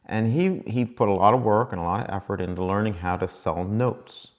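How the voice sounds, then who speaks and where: A man's voice: on the low side, brisk. A man casually telling a motivational story in a rambling, folksy way that repeats itself. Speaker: vlogger.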